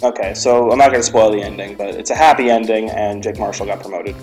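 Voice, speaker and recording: A man's voice: on the low side, fast, soft background music, poor audio. A young man hosting a let's play, reading the dialogue aloud and joking, with stumbles. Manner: animated and jokey, reads lines aloud with stumbles.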